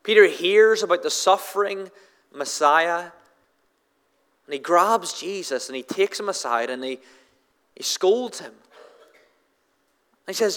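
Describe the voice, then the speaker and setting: A male pastor delivers a sermon in a high voice that rings with long reverb through a church hall. He stumbles and repeats words as he starts his sentences. He pushes up for emphasis, then sinks low and slow. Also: expressive, a bit bright, clean tone.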